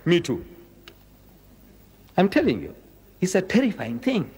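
A man delivers a public lecture in a highly dramatic way, acting out dialogues and asking rhetorical questions. His voice sits high and swings widely in pitch. A long reverb from the hall trails his words. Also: huge pitch swings, unhurried, darkish tone, breathy edge, a faint crowd. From South Africa. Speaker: Islamic lecturer.

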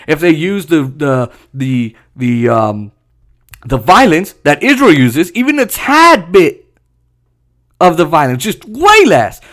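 A man hosting a solo podcast, giving heated, sarcastic political commentary and mocking the people he criticizes. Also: on the high side. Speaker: podcast host.

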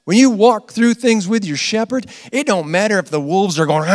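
A man preaching a conversational sermon as pastor. He is earnest, laughs often, repeats phrases, and swings from loud emphatic lines to quiet asides. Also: sits high, animated, moderate pace, in a large hall. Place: church hall.

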